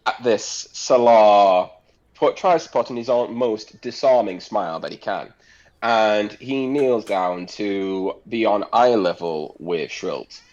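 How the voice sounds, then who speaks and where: A man's voice: lowish voice, takes it slowly, a little mellow, dull audio. A man playing a tabletop game, narrating his character's actions in a chatty way. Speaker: player.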